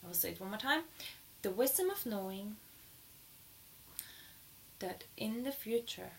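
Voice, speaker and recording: A woman, not a native English speaker, giving a spiritual teaching in an earnest way, her voice rising high and excited when she is moved. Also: measured pace, gravelly, long pauses, slight background noise, poor audio. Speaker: dharma teacher.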